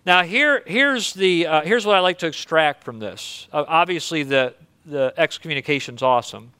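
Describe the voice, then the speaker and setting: A man's voice: a little high, expressive, moderate pace, few pauses, pushed and bright, smooth, dry recording. A man preaching a sermon in a conversational, earnest way, reading scripture and explaining it. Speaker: pastor.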